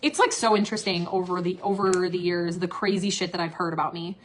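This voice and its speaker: Animated, swearing woman ranting. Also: brisk, slight background noise. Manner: profane, animated, jumps between loud outbursts and low asides. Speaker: former MLM leader. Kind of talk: casual livestream rant.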